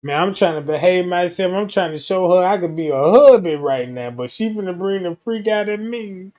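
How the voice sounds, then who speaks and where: Man, livestream host, crude comic rant, animated, lo-fi audio. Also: high-pitched, moderate pace. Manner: loud, animated, profane, often laughing.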